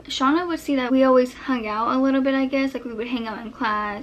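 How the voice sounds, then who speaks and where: A young woman in a casual storytime vlog, retelling events with animated acting-out of her own past lines. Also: on the high side, dull audio. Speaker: vlogger.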